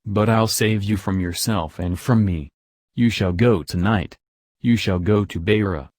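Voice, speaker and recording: Guy voicing intense desperate young man, low voice, dry close audiobook sound. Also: measured pace, darkish tone, no echo. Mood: anguished. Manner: impassioned, pleading delivery. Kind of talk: audiobook character reading.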